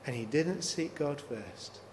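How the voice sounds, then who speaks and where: Lively preacher man in a reverberant hall. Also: mid-range voice, slow. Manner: poses repeated rhetorical questions. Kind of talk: sermon. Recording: long hall reverb, faint noise.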